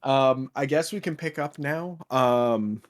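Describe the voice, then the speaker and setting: A man's voice: mid-range voice, slow pace. A man running a tabletop game, chatting casually with his stream audience and recapping. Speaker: game master.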